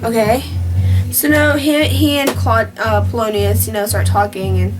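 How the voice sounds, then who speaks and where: High-voiced young woman rambling on. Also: moderate pace. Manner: rambling, with many fillers and restarts. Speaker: vlogger. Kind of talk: casual retelling of a play. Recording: distant mic with faint music.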